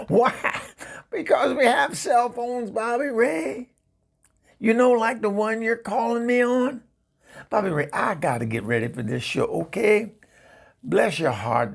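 A male comedy show regular, medium in pitch, acts out a comedic phone call as a gravelly Southern divorcée known for her sharp tongue and string of husbands. Her lines come out exasperated, sassy, and stumbling with flustered stammers.

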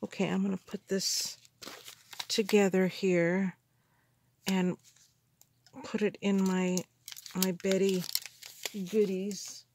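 A woman in a casual craft haul video, gushing with excited gasps and exclamations over the supplies she unpacks. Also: medium pitch, slow pace, pauses often, a little hiss or hum. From Canada. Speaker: crafter unboxing mail.

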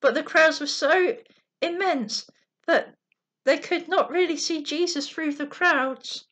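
High-voiced woman reading a bedtime story. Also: slow. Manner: gentle reading with slips and restarts.

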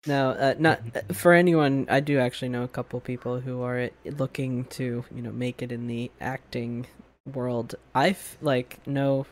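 A podcast co-host chatting casually, quick and loose, often breaking into laughs. The voice sits at an ordinary middle pitch. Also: fairly even intonation. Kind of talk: casual chat.

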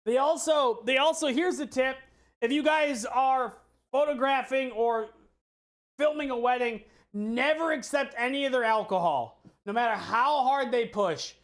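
Here the live-stream cook speaks with a voice that sits high, at a measured pace. Between recipe steps come chatty, profane, rambling anecdotes with frequent restarts, all while chatting with viewers.

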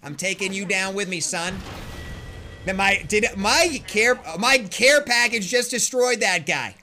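Over loud game sound and bursts of gunfire, a young man gives live commentary on the shooter he's streaming. His voice sits high and his delivery is unhurried as he brashly mocks opponents and celebrates his plays with excited yelps and laughs.

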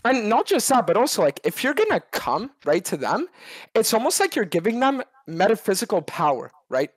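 A man rambles through his point in a casual group chat. His pitch moves a lot, and the sound is dry and close. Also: sing-song, brisk, slightly rough, no room sound. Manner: rambling, explaining. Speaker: panelist.

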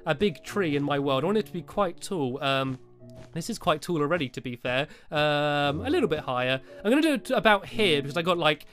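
Brief: man, light high voice, casual game commentary, faint music underneath, talkative and giggly. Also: animated, fairly quick, fairly bright tone. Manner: chatty, giggly, chivvies his in-game helpers. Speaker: Minecraft video host.

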